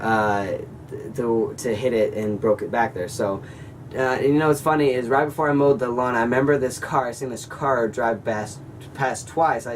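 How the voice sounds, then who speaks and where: A man's voice: mid-range voice, distant mic, a little hiss or hum. A young man in his late teens telling a story in a casual vlog, rambling with lots of fillers and self-corrections. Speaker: vlogger.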